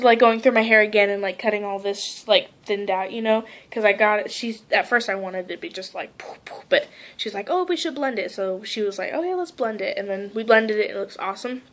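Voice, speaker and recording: A teenage girl vlogging casually, rambling through a story with lots of "like" and quoting people in lively voices. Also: mid-range voice. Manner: heavy use of "like".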